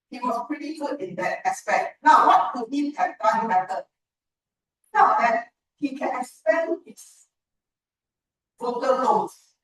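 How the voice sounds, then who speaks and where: A woman's voice: on the high side, noisy background. Woman evaluating a speech, echoey and distant. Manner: measured, encouraging feedback with pauses. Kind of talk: speech evaluation at a club meeting. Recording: echoey room from far off.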